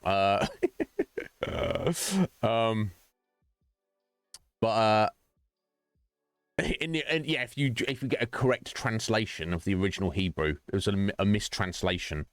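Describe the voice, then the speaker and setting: A man's voice: fairly low pitch, unhurried, long pauses, clean tone, dry recording, studio quality, faint music behind. A man streaming and chatting casually with his viewers, rambling, joking and laughing often.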